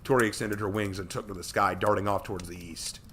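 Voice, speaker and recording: A man streaming a reading of his own story, narrating with lively delivery and the odd slip. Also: lowish voice, quick pace, a little hiss or hum. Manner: lively reading, some slips and restarts.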